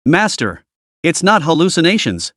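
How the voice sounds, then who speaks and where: An eager young opera actress, as a narrator puts her on, pitched up and trembling. She speaks eagerly and insistently. Her pitch swings widely. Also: very animated, moderate pace, a bit bright, no echo, clean studio sound. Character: passionate young female opera performer.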